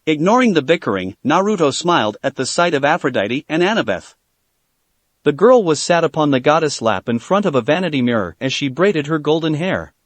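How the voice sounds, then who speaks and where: Expressive man reading a story aloud. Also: fairly high pitch, brisk, no echo. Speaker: narrator. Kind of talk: reading fan fiction aloud.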